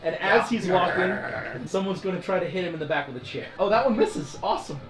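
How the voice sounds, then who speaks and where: A man narrating a tabletop game as dungeon master, animated and often laughing. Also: sits high, fast. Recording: echoey room with music.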